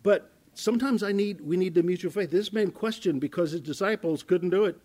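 Speaking a little fast, a male pastor gives sermon-style Bible teaching in a voice slightly higher than most men's. His manner is conversational with frequent restarts, shifting from loud emphasis to quiet, hushed asides.

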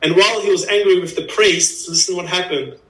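Man, preacher, earnest emphatic sermon, slightly raised pitch, distant from the mic. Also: fairly even intonation, a little fast, fairly bright tone. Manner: earnest, emphatic, repeats phrases for stress. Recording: echoey room, voice from a distance.

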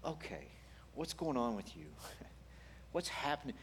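A preacher voicing a gentle, patient God. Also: male voice, mid-range voice, unhurried, lightly acted. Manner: soft, calm, patient. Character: gentle God speaking softly to a prophet. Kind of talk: sermon.

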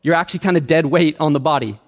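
A man preaches to his congregation in an earnest, explaining tone, his voice sitting a little higher than most men's. He pauses often to check in with listeners before pressing his point. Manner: earnest teaching with rhetorical "right?" checks. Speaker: pastor. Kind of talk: sermon.

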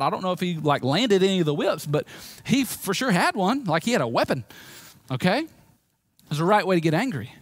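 Animated Southern pastor preaching. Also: male voice, sits high, no echo. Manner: animated preaching with swings from loud emphasis to quiet. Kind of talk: sermon.

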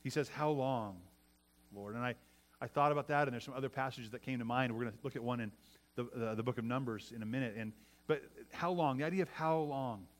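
At a quick pace and in a mid-range voice, a middle-aged preacher talks his sermon through conversationally, with many restarts and tag questions like "right?"

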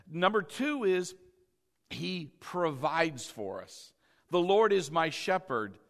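A middle-aged male pastor preaching with a high, bright-pitched voice. His delivery swings widely, rising and dropping as he calls on the congregation to repeat words after him. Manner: call-and-response preaching, swinging between loud and soft. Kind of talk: sermon.

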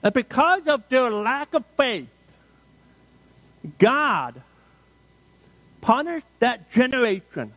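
A pastor preaching a sermon, telling the story dramatically and repeating refrains for emphasis. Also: male voice, extremely high pitch, very animated, slow, long pauses, fairly bright tone, dry recording.

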